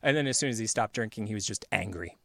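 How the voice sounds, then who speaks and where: A man's voice: on the low side, lively intonation, fast talker, vocal fry, a bit bright, no echo. Dry-miked man telling a rambling story. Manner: rambling, laughs often, acts out quoted voices. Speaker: podcast host. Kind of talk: casual storytelling chat.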